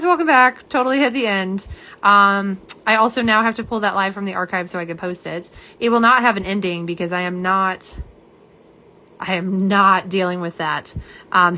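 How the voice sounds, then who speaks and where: A young woman hosting a casual live stream, slightly hoarse, chatty and self-deprecating as she talks to viewers. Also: mid-range voice, pushed and bright. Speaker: live stream host showing nail polish swatches.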